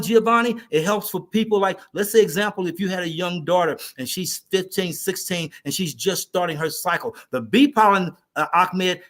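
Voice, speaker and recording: A man speaking as a guest on a talk show, an animated storyteller who turns to address the host directly. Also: sits high. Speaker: natural remedies advocate, guest.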